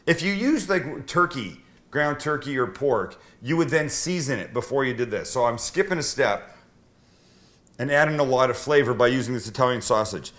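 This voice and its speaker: A man's voice: medium pitch, lively intonation, moderate pace, fairly bright tone. Middle-aged man, cooking show host, casual banter, self-deprecating jokes. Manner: chatty, self-deprecating, joking.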